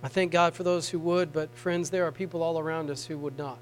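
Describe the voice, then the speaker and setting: A man with a high voice preaching a sermon. He drops to hushed, tender tones, then rises to raised, pleading appeals. A faint mains hum runs under the recording. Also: steady tone, brisk, poor audio.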